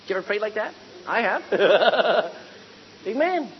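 Woman preacher, lively sermon voice, rhetorical questions, long hall reverb, dull lo-fi sound, faint room ambience. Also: mid-range voice, normal speed, a little hiss or hum. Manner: animated, rhetorical questions to the congregation, acts out quotes.

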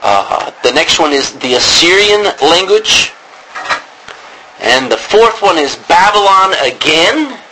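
A man's voice: sits high, expressive, slow, gravelly, sharp tone, slight background noise, rough recording. A man teaching a class on biblical Greek, rambling with many ums and restarts. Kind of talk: classroom lecture.

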